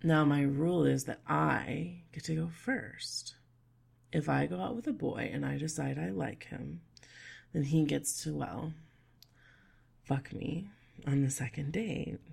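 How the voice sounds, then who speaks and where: A young woman in a whispered role-play who speaks in a teasing, playful and bossy way, slipping between hushed whispers and soft murmurs. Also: low-pitched, unhurried, creaky, breathy edge. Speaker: audio role-play performer.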